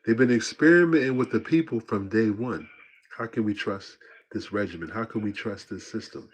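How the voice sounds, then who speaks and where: A man's voice: on the low side, moderate pace, breathy edge. A man hosting his own livestream, commenting in a laid-back, slangy way with lots of fillers. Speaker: livestream host.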